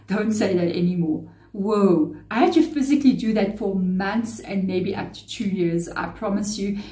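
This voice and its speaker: A woman's voice: mid-range voice, mellow, reverberant. A woman in her forties giving a casual tarot reading, talking earnestly and directly to the viewer with personal advice. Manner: earnest, motherly advice, talks straight to the viewer. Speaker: tarot reader.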